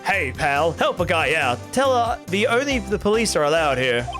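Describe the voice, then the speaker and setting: A streamer voicing a bumbling, gruff male police detective who blusters and keeps calling people pal, over game music. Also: medium pitch, sing-song, normal speed, natural voice. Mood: blustering. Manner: blustering, says pal a lot. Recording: game music playing behind.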